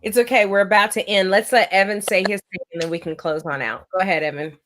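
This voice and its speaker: A woman's voice: mid-range voice, fairly even intonation, fast, a bit bright. A middle-aged woman hosting a casual family livestream, talking with her kids in a teasing, motherly way. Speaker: host.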